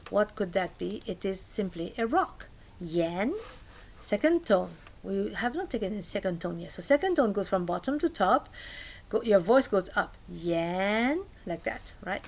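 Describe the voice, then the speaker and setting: A woman's voice: medium pitch, vocal fry. A woman teaching a recorded language lesson, explaining patiently and acting out small scenes as examples.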